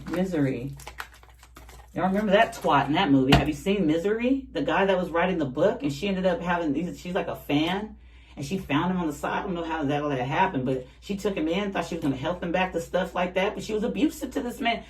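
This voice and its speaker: Tarot reader, casual reading, slangy, animated, middle pitch, faint background hiss. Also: brisk. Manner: animated, slangy, chatty with frequent laughs.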